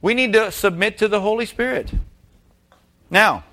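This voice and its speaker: A man's voice: high voice, normal speed, pushed and bright. A man preaching a sermon, emphatic and repeating key phrases, putting rhetorical questions to his congregation. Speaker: pastor.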